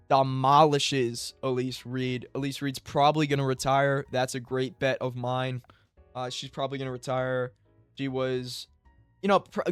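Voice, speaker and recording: A man's voice: medium pitch, clean tone, no room sound. A young man giving a casual, rambling solo recap of fights, full of filler words. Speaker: MMA commentary YouTuber.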